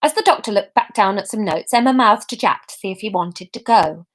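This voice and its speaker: A woman's voice: medium pitch, animated, fairly quick, fairly bright tone. A woman reading her own story aloud to an audience, with chatty, self-mocking asides.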